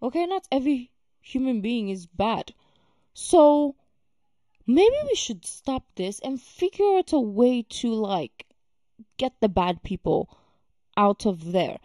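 A woman's voice: fairly high pitch, big pitch swings, takes it slowly, mellow, no room sound, clean studio sound. A woman hosting a reaction video, talking casually and emphatically with many fillers and exasperated remarks.

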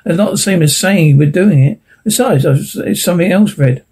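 A man's voice: high-pitched, brisk, warm tone, slightly rough. A man voicing Slim, a nervous but stubborn young boy in a storybook reading who pleads insistently. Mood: urgent.

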